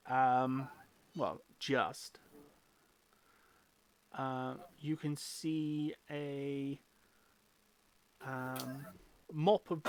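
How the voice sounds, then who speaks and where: Tabletop game master narrating in a halting way with many fillers. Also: mid-range voice, slight background noise.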